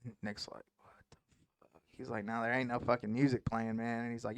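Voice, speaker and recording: Man, podcast host, mid-pitched voice, rambling profane storyteller. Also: level tone, normal speed, pauses often, dry recording. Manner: rambling, profane storyteller who laughs often. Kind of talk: casual podcast conversation.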